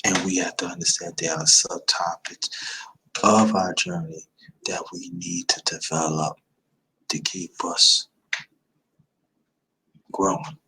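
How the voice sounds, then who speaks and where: A man in his fifties speaks in a lowish voice with a bright, forceful edge. He hosts a livestream and gives motivational advice, repeating and stressing his points like a preacher. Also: flat delivery, slow pace, creaky, long pauses, slight background noise, rough recording. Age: 50s. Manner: emphatic and repetitive, preaching-like. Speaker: livestream host.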